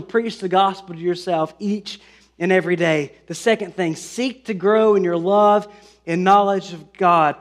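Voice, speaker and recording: A man preaching a sermon in an earnest way, with fillers and restarts, lifting his voice for scripture. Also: high voice. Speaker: pastor.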